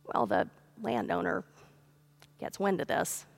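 A woman's voice: medium pitch, expressive, unhurried. A woman pastor giving a sermon, telling a parable in a conversational, folksy way. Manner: storytelling, acts out the characters' pleas with a raised voice. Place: church sanctuary.

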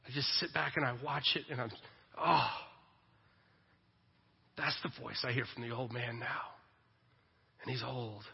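A middle-aged man preaching a sermon in a church, swinging between loud emphatic lines and soft tender ones. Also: mid-range voice, fairly even intonation, brisk, gravelly, husky. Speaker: pastor. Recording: echoey hall, dull lo-fi audio.

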